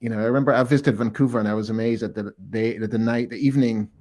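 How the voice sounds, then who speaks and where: Co-host: a man at mid pitch, easygoing and inquisitive, a bit rambling. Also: racing. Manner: relaxed, curious, rambling. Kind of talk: casual interview chat.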